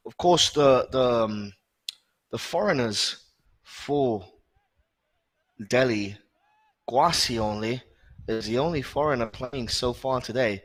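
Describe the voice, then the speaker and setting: A man commentating a live football match, calling play-by-play briskly with short filler pauses. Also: medium pitch.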